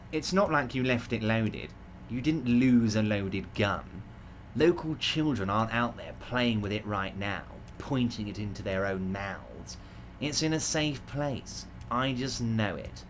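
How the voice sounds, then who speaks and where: A man voicing a large, jovial, scheming male union boss in a game playthrough, smooth and falsely reassuring. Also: on the low side, animated, a little slow, a little hiss or hum. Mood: smug.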